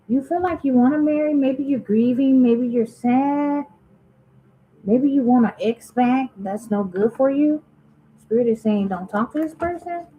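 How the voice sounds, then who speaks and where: A woman's voice: sits high, phone-quality sound, slight background noise. A woman giving a casual tarot reading to her viewers, talking straight to them and musing aloud as she asks spirit questions. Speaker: tarot reader.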